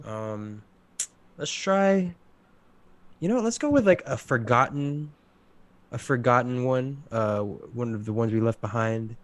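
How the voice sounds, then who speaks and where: A man's voice: mid-range voice, animated, dry recording. Laid-back young man chatting playfully. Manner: jokey, playful, quick asides and laughs. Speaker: podcast co-host. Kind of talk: casual chat on a live stream.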